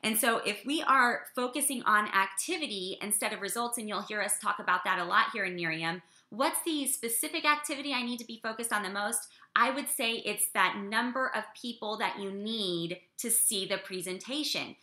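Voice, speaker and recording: A woman giving an energetic business coaching talk to her team, often checking in with "okay?". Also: medium pitch, normal speed, few pauses. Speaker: business trainer. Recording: echoey room.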